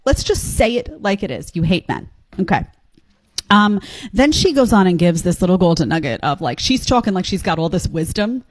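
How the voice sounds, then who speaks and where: A woman's voice: medium pitch, very animated, normal speed, no room sound. A woman hosting a reaction video, giving blunt, sarcastic commentary on clips she plays.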